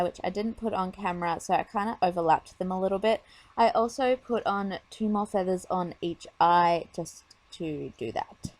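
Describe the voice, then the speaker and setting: A woman's voice: fairly low pitch, no echo. A woman talking casually over her makeup tutorial, chatty and rambling with lots of fillers.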